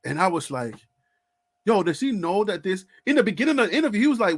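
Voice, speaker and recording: A man's voice: high-pitched, sing-song, fast. A man hosting a sports fan channel, chatting casually and animatedly with his viewers, often laughing and greeting them by name. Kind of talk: casual live-stream chat.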